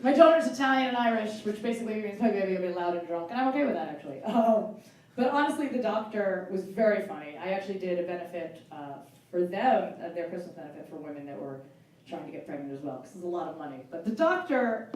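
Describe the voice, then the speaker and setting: A woman's voice: medium pitch, expressive, a little mellow, slight background noise. A woman in her forties doing a stand-up comedy set, chatty and self-mocking. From United States. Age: 40s. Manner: chatty, self-mocking, quick jumps into exaggerated voices. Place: comedy club stage with a laughing audience. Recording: echoey club sound from far off.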